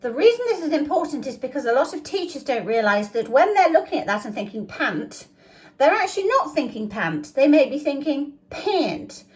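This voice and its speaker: A woman explaining phonics to teachers, earnestly sounding out speech sounds slowly and deliberately. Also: sits high, very animated, rough recording. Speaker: phonics educator.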